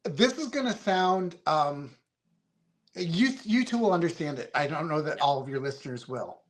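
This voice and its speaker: A man's voice: on the high side, lively intonation, moderate pace. A man in his fifties, a reality show contestant, telling his story in a casual podcast interview, rambling and heartfelt with lots of fillers. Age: 50s.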